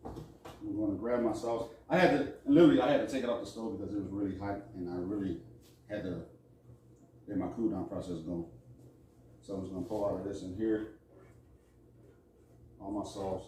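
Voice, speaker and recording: A middle-aged man hosts a relaxed cooking demonstration, talking viewers through each step with easy jokes and asides. His voice sits low and mellow. He is recorded from a distance in a very echoey home kitchen, with faint background noise. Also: normal speed, pauses often. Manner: chatty, joking asides to viewers. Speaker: cooking show host.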